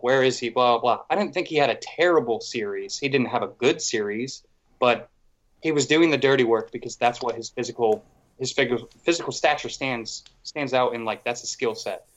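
A man co-hosting a casual sports podcast, rambling eagerly from point to point with plenty of "like". His pitch sits in a middle range. The recording sounds a little muffled and lo-fi. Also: brisk. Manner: animated, rambling with frequent "like". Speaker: podcast co-host. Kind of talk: casual hockey chat.

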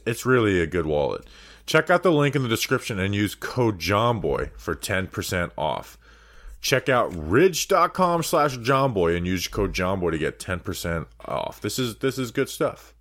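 A man's voice: on the low side, a bit bright. A man hosting a sports podcast, reading an ad loosely and joking as he goes. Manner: loose, jokey ad-libbing. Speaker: podcast host. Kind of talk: casual podcast chat and ad read.

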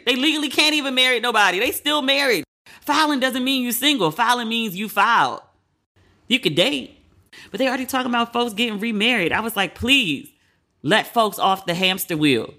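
A man's voice: high voice, bright, forceful tone. A man hosting his own podcast, talking candidly and animatedly in casual solo commentary, with frank, profane asides. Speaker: podcast host.

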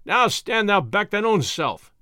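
A man's voice: high-pitched, big pitch swings, moderate pace, a bit bright, no room sound, clean studio sound, full character voice. A man voicing a bold, hearty outlaw in a storybook reading. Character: bold cheerful outlaw, big brave man.

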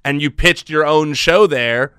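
A man's voice: a little high, a little slow, pushed and bright, smooth, no room sound, clean studio sound. A man hosting a podcast, chatting in a friendly, enthusiastic way with casual slang. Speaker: podcast host. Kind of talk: casual interview chat.

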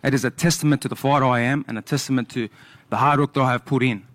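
A man with a mid-pitched voice speaks as a boxing challenger at a press conference. He is defiant and determined, and he heckles the champion. The sound is dry. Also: steady tone, quick pace, a bit bright, dry recording. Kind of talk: press conference trash talk.

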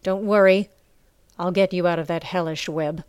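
A woman doing a steady, gentle male fighter. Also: lowish voice, normal speed, smooth, dry recording, close to an everyday voice. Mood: reassuring. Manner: gentle, reassuring. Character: loyal male fighter, tender but steady.

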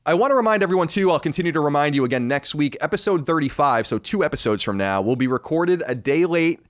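Fast-talking sardonic New York man. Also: fairly high pitch. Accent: New York, mostly faded. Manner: fast, sardonic, animated delivery. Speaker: podcast host. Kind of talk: casual podcast chat.

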